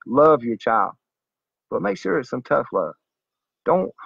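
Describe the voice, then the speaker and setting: A man's voice: medium pitch, very animated, measured pace, vocal fry, long pauses, fairly bright tone, slightly rough, no room sound. A man delivering a zealous, preachy monologue straight to his viewers in a slightly dull lo-fi recording. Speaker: vlogger. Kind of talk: earnest direct-to-camera monologue.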